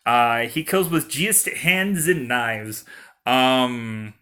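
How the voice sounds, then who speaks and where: Slow, rambling young man giggling over a game. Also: medium pitch, sharp tone. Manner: rambling, giggly, full of filler words. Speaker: gaming commentator. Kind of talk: casual let's-play commentary.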